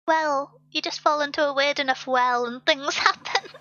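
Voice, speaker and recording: A woman with a lisp on her L and R sounds chats on a live stream, giggling often as she talks. Her voice sits high and bright. The sound is dry and a little dull, like a cheap stream mic. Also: steady tone, normal speed, no room sound. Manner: giggly, laughs often between words. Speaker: streamer hosting a birthday stream. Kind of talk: casual live-stream chat.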